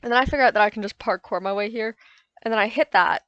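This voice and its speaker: A woman's voice: mid-range voice, quick pace, fairly bright tone, clear, resonant tone, no room sound, muffled recording. A woman giving casual, rambling voice-over commentary on her own gameplay, often correcting herself as she recounts her frustrations. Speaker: gaming YouTuber.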